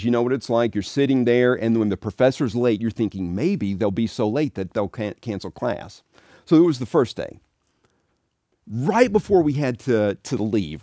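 A man giving an animated sermon-style talk, mid-pitched and lively, recorded close and dry. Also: no echo. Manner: animated storytelling with acted quotes. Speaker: Catholic speaker.

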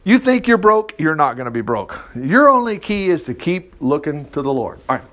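A man's voice: a little high, sing-song, normal speed, fairly bright tone. A man preacher reading a Bible passage aloud in a folksy way, breaking in often with his own asides. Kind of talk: Bible reading with running commentary.

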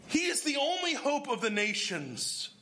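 A man's voice: very high-pitched, huge pitch swings, a little slow, sharp tone, slight background noise. A man preaching a sermon, explaining scripture verse by verse and putting questions to his congregation. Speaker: pastor.

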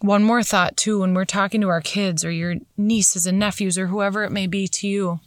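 A woman's voice: medium pitch, steady tone, moderate pace, dry recording. Woman podcast host in her 30s, earnest pep talk, keeps saying you guys, dead dry close mic. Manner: earnest, encouraging, addresses listeners as "you guys". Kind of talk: motivational podcast monologue.

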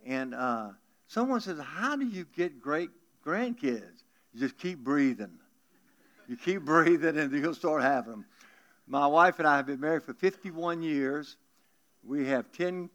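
A guest pastor in his seventies with a South Louisiana accent delivers a folksy storytelling sermon, joking with the congregation. His voice is fairly high in pitch with a fairly bright tone.

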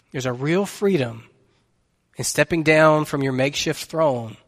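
A man's voice: mid-range voice, in a large hall. A man preaching a sermon as pastor, telling a story in an earnest, conversational way.

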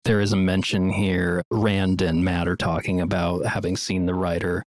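A man's voice: sits low, normal speed, hardly any pauses, no room sound, studio quality. A man co-hosting a fantasy book club podcast, chatting casually about the chapters and reading passages aloud. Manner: relaxed, chatty, reads quotes aloud.

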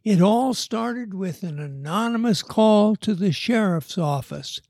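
A man reading a story voices a gruff, gravelly man over ninety who grumbles and calls out loudly. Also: sits high, expressive, unhurried, dry recording, studio quality, full character voice. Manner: gruff, loud interjections.

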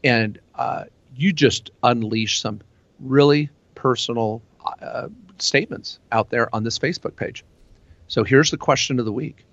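A man hosting a talk-radio show about tax and law, chatting in a loose, animated way full of "uh"s and restarts. His voice sits at an ordinary pitch. The sound is dry and a little dull, as from a studio mic. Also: dry recording. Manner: animated, rambling with fillers and restarts.

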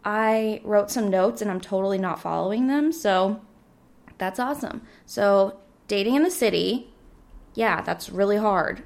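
A woman in her twenties hosting a casual solo podcast, slightly hoarse, rambling and chatty with lots of filler words. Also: medium pitch, unhurried. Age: 20s. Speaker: podcast host.

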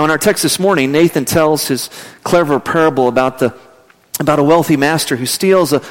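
A man preaching a sermon, telling stories and dropping his voice low and slow for emphasis. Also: in a large hall. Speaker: pastor.

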